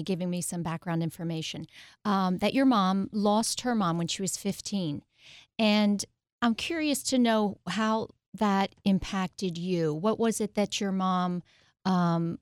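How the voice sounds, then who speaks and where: Smooth-voiced middle-aged woman host. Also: medium pitch, no room sound, studio quality. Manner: warm, curious, hesitant questions with fillers. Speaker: interview host. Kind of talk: conversational interview.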